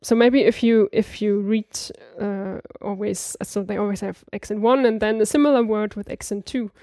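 A woman's voice: medium pitch, steady tone, moderate pace, dark tone, no echo, clean studio sound. A woman in a casual practice chat, explaining language points with lots of fillers and restarts. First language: not Swedish. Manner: hesitant, many fillers and restarts. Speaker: language learner.

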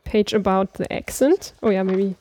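A woman's voice: mid-range voice, normal speed, warm tone, a little hiss or hum. A woman in a casual practice chat, explaining language points with lots of fillers and restarts. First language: not Swedish. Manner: hesitant, many fillers and restarts. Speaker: language learner.

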